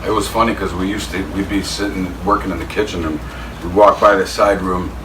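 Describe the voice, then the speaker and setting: A man chatting over a meal, telling a story in loose, halting bits. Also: deep voice, steady tone, a crowd in the background. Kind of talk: casual mealtime chat. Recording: distant mic, clear background noise.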